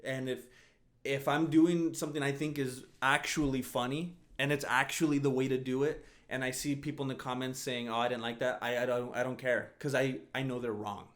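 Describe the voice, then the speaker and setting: A man's voice: medium pitch, little pitch movement, a little fast, a bit bright. A man hosting a casual solo podcast, rambling and often laughing as he restarts his sentences. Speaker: podcast host.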